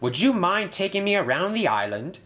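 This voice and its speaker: A man voicing a pompous, excitable male railway inspector in a high, theatrical voice for a toy-train story. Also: normal speed. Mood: delighted.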